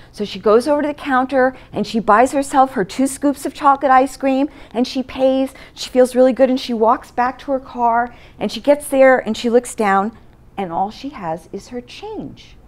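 A woman's voice: on the high side, moderate pace. A woman presentation coach giving a short storytelling talk to an audience, acting out the voices of people in her story. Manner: lively storyteller, acts out voices in quotes.

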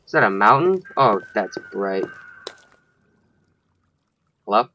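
A man's voice: fairly low pitch, lively intonation, slow, dull audio, slight background noise. A man giving let's play commentary, thinking aloud and swearing when startled. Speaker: gaming channel host.

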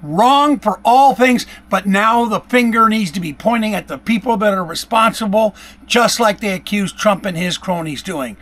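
A man with a strikingly high-pitched voice rants to his own camera. He yells in hot bursts and hammers his accusations over and over. He talks in the heated way of a vlogger venting. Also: normal speed. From Michigan, USA. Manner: heated, yelling, accusatory, repetitive. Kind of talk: angry political rant to camera. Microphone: camera-facing, self-recorded.

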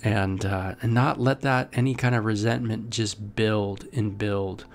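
A man's voice: fairly low pitch, steady tone, measured pace, a little hiss or hum. A man giving a casual, conversational Bible devotional. He reads scripture aloud and comments on it with many fillers. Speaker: Bible teacher.

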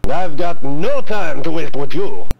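A man's voice: a little high, lively intonation, a little slow, creaky, darkish tone, slight background noise. A man voicing a snooty, brusque photographer in an adventure game, with a fake French accent and a dismissive, haughty manner.

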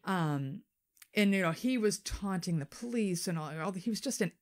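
A woman co-hosting a podcast, telling a true-crime story in casual chat, animated and swearing freely. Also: mid-range voice, normal speed. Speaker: podcast co-host.

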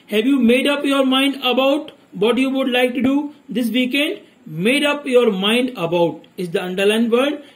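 A man with a very high voice works through grammar exercises as a teacher. He reads each sentence aloud and explains the answer in a steady, methodical manner. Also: rough recording.

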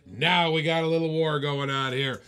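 Guy running a live online auction, fast teasing patter, kinda high voice. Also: steady tone, fairly bright tone, smooth. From Australia. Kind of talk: live-stream auction commentary.

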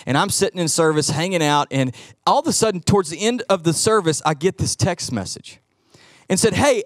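A middle-aged man preaching a sermon as pastor, telling animated stories and acting out the voices in them. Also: fairly high pitch, no echo, studio quality. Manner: animated storytelling, acts out quoted voices.

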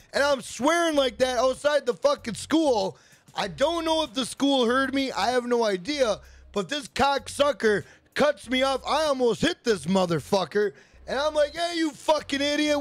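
A man's voice: very high-pitched, no room sound. A man hosting a casual livestream, telling rambling profane stories and greeting chat members by name. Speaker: livestream host.

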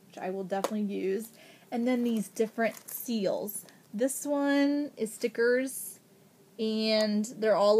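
A woman from Ohio in a casual unboxing vlog, gushing with excitement, gasping and thanking a friend over each gift. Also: a little high, slight background noise. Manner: gushing, excited, frequent gasps. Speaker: vlogger.

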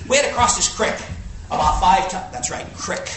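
A man preaching a sermon, telling a folksy story in an animated way and swinging between quiet low asides and high exclaims. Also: normal speed. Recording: echoey hall from far off, faint hiss.

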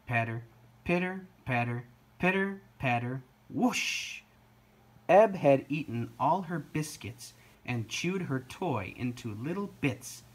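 A storyteller reading a children's picture book aloud. The delivery is slow and deliberate, with a lively, swooping intonation. Every line is shaped for young listeners. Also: mid-range voice, slightly rough.

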